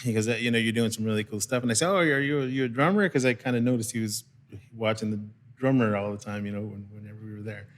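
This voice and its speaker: A man hosting a casual chat, telling a road story with lively quoted voices and frequent laughter. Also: fairly low pitch, fast talker. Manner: animated storyteller, laughs often, acts out quotes. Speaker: host. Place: intimate live venue.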